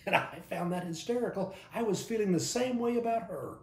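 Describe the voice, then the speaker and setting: An older Texan pastor with a Texan accent tells stories in a folksy devotional talk, warm and anecdotal, often repeating the first word of what he says. His voice is high, animated and fairly quick, in an echoey room.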